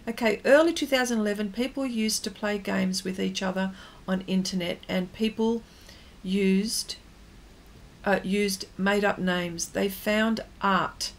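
A woman talks viewers through her painting in an easy, unscripted livestream chat. Her voice sits at a middling pitch. She drifts between explaining her strokes and trailing off into fillers while she works. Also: steady tone, measured pace, gravelly, a little hiss or hum. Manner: chatty, reads viewer comments aloud and answers them. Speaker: artist hosting a livestream.

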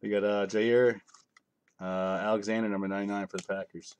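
A man's voice: lowish voice, flat delivery, brisk, darkish tone, smooth. A middle-aged man hosting a live card break, reading out cards and joking casually with his viewers. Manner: offhand, joking, reads out cards while chatting to viewers. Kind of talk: casual live-stream chat.

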